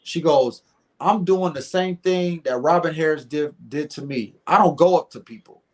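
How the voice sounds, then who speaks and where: A middle-aged man with a fairly high voice tells a story in a relaxed interview. He acts out each exchange, and he often stumbles over and repeats his words as he goes. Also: normal speed. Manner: animated storyteller acting out dialogue, repeats words. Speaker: guest comedian.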